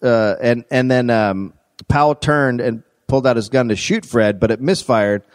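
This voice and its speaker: A man hosting a live comedy history show, narrating a story with frequent laughter and shouted quotes. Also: medium pitch, normal speed. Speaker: podcast host. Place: live stage show with audience.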